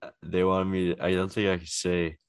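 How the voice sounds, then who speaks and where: Deep-voiced man in loose podcast chat. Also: level tone, fairly quick, smooth, no echo. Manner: loose, laughing, trailing restarts. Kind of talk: casual chat.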